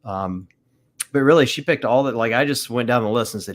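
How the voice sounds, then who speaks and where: A man's voice: mid-range voice, brisk. A man co-hosting a podcast, chatting casually and poking fun at himself. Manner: chatty, self-deprecating. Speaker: podcast co-host. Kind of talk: casual chat.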